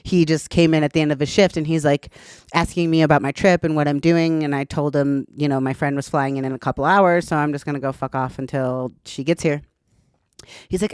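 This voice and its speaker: A woman's voice: sits low, fairly even intonation, a little fast, clean tone, no echo, studio quality. A woman in her thirties, a podcast guest, telling her story in a candid, chatty way and swearing casually.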